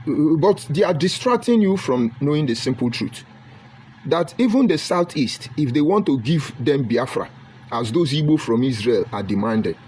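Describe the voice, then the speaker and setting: A man's voice: medium pitch, darkish tone, slight background noise. A middle-aged man with a Nigerian accent giving an emphatic, argumentative political commentary monologue.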